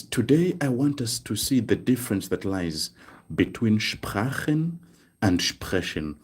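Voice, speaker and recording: Brief: male language tutor, lowish husky voice, unhurried and repetitive teaching delivery. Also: darkish tone. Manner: slow, repetitive explaining with frequent "right?" checks. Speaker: German teacher. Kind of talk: live online language lesson.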